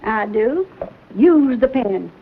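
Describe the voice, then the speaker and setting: A woman's voice: a little high, expressive, slow pace, slight background noise. An actress playing a stern frontier mother who scolds her grown son emphatically, in a 1950s TV western drama. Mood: scolding. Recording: tinny, narrow-band old soundtrack.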